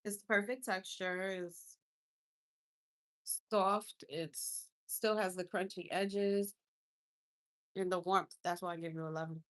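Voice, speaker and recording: A woman's voice: fairly low pitch, fairly even intonation, slow pace, long pauses, fairly bright tone. A young woman doing a casual makeup livestream from her car, talking effusively with viewers and reacting to gifts. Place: inside a car.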